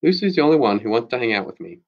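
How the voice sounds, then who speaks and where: A man's voice: medium pitch, very animated, racing, muffled recording. A man voicing an earnest, loyal middle-school girl in a read-aloud chapter book. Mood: pleading. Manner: earnest, pleading.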